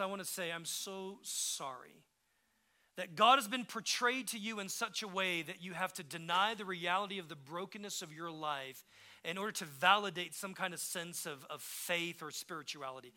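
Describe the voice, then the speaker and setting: A male pastor delivering an impassioned sermon in a high, sharply bright voice. He drops to near-hushed tenderness, then climbs to forceful emphasis. Casual asides and quick restarts keep it conversational.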